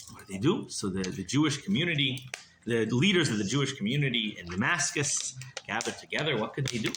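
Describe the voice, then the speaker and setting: A man's voice: medium pitch, expressive, fairly quick, a bit bright, a little hiss or hum. A man, a rabbi, tells a story in a sermon and keeps checking in with the listeners by asking "right?". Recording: roomy echo, faint clicks.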